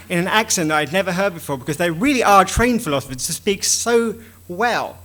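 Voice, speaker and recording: Bright, high-pitched male conference speaker. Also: brisk. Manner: animated, acts out dialogues with shifting voices. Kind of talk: lively conference talk.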